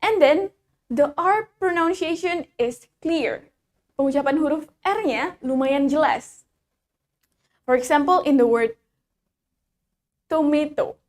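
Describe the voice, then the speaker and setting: A woman with an Indonesian accent teaching an English lesson, explaining in two languages and repeating example words slowly for students to copy. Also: high-pitched, lively intonation.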